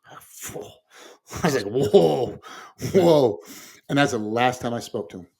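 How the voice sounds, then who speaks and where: A grieving man, co-host of a talk show, telling a personal story in casual conversation, halting and restarting, with soft laughs. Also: medium pitch. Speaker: podcast co-host.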